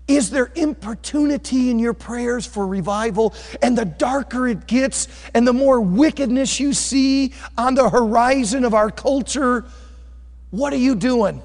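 A man preaching a sermon, quoting scripture and moving from loud cries to quiet, intense asides. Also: normal speed. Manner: animated preaching, rising to loud cries and dropping low. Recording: echoey hall with long reverb.

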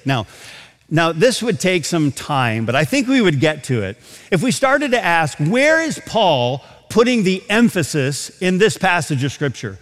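Male preacher, lively pitch, emphatic sermon delivery, long hall reverb. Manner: emphatic, slows down to stress scripture.

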